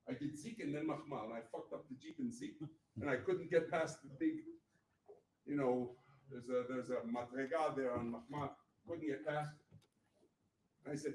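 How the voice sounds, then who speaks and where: A man in his sixties, with a medium-pitched, darkish voice at normal speed, tells a blunt, profane, motivational personal story as a guest speaker at a meetup. The echoey recording comes from a distant room mic in an event venue, with faint noise.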